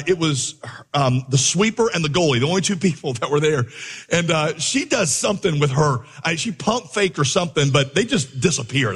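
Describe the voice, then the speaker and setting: A man preaching with a somewhat high, husky voice, his words ringing out in a big hall with a long reverb. He tells his story in an animated way and acts out the lines he shouted as a coach. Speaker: pastor. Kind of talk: sermon with a comic story.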